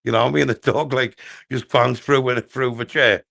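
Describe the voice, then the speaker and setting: A gravelly-voiced man from Cumbria rambles through crude stories on a live stream. He swears freely, trails off and loops back, and his pitch sits in the middle range with plenty of vocal fry. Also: steady tone, normal speed, fairly bright tone. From Cumbria, England. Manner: rambling anecdotes, laughs often, sweary. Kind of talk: crude casual banter.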